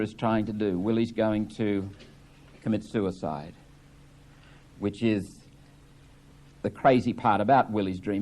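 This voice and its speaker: A man's voice: lowish voice, a little mellow. A man giving a reflective lecture, explaining a play between dramatic readings.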